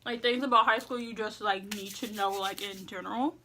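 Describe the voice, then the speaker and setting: A woman's voice: medium pitch, fairly even intonation, brisk, sharp tone, a little hiss or hum. A young woman giving casual advice in a vlog, chatty and full of fillers, eating as she talks. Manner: chatty, heavy use of "like" and "you know what I'm saying"; eating while talking. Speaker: vlogger giving school advice.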